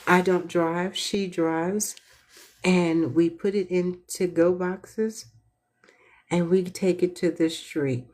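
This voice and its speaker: Woman host with a low voice and a slow, earnest, heartfelt delivery. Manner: earnest, heartfelt, animated when storytelling. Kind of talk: casual inspirational talk.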